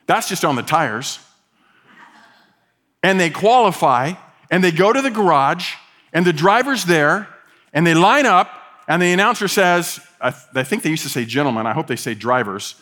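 A middle-aged man preaching a sermon as pastor, telling stories with quoted asides in an animated way. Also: a little high, normal speed.

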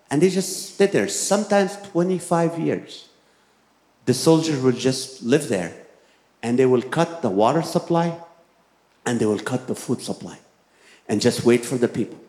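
A pastor delivers a sermon in a roomy, echoing hall, his mid-range voice somewhat dark in tone. He shares a personal story and then presses his listeners with emphatic exhortations.

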